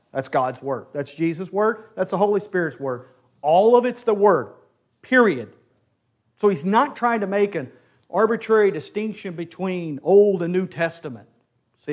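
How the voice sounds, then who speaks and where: A man teaching a Bible class lesson, talking with energy and putting questions to his class. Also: high voice. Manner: animated, asks the class questions.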